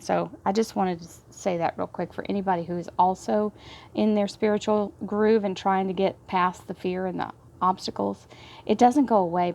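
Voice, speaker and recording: A woman with a Texas Southern drawl reads tarot cards in a gushing, excitable way. Her voice sits at an ordinary middle pitch. She breaks into delighted laughter and slips into soft, reverent prayers. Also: gravelly. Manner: effusive, prone to excited laughter and hushed prayers. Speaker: tarot reader. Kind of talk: tarot card reading.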